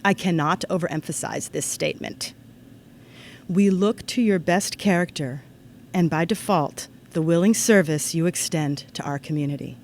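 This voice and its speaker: A woman giving a formal ceremony address to students, in an earnest, measured way that turns lively when she tells a story. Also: lowish voice, a little hiss or hum. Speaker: ceremony speaker. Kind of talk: formal commencement-style address.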